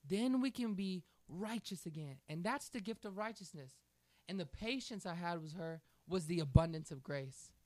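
A man's voice: high-pitched, animated, normal speed, no room sound. A man hosting a faith talk, telling a family story in an earnest, preaching way. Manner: earnest storytelling, acts out quoted voices.

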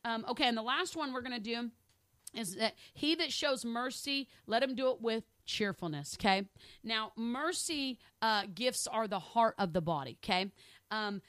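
A middle-aged woman leads a casual Bible study in a somewhat high voice. She talks warmly and loosely, laughs often, keeps asking "okay?", and slips into short acted-out conversations. The sound is close and dry, with no room around it. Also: normal speed, dry recording. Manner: acts out little dialogues in other voices. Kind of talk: casual teaching on spiritual gifts.

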